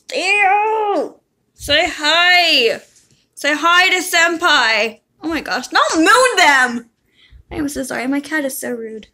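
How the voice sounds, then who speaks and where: A gaming YouTuber offers casual commentary on her game, giggling and laughing helplessly while speaking to the characters and to her cat. Her voice sits high, bright and forceful.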